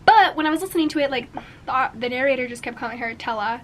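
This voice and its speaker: A young woman chatting casually in a reading vlog, excitable, gasping and swearing as she reacts. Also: high-pitched, fast talker, slight background noise. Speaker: book vlogger.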